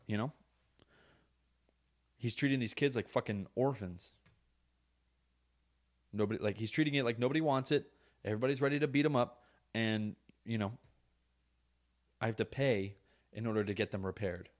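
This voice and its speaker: A man's voice: lowish voice, moderate pace, long pauses. Profane joking man ranting on a podcast. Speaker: podcast host. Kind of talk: casual rant. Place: podcast studio.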